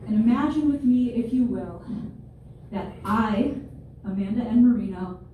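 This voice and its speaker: Her voice fairly high and a little slow, with a phone-quality sound, a twenties-aged woman performs stand-up in a large room before a live audience. She mocks herself wryly and drops in playful asides. A very echoey hall leaves the recording distant and noisy.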